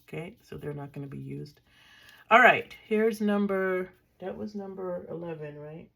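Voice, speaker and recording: A woman's voice: fairly low pitch, normal speed, gravelly, fairly bright tone. An older woman casually chatting through her washi tape collection, thinking aloud with dry, self-mocking remarks. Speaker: craft vlogger. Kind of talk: casual crafting show-and-tell.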